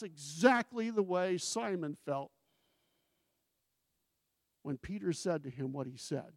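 A man preaching a sermon with a somewhat high voice. He talks in a conversational way, turns questions to the congregation, and leans into scripture quotes. The sound is dry and close. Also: slow pace, long pauses, no room sound. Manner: acts out scripture quotes with emphasis. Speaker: pastor.

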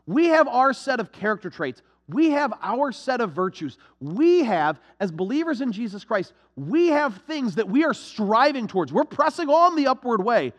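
A young adult man preaching a sermon to his congregation, animated and sarcastic, with quick restarts. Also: extremely high pitch, long reverb tail. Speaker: pastor.

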